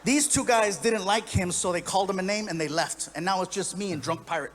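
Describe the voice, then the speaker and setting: A man telling a story on stage in stand-up, animated and acting out other people's voices. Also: high voice, brisk, a little hiss or hum. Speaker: stand-up comedian.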